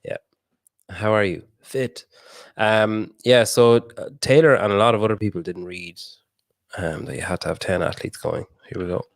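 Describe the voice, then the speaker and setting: A man's voice: lowish voice, normal speed, gravelly, dry recording, studio quality. A man hosting a podcast interview over a video call, chatty and laughing often, with casual swearing. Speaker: podcast host.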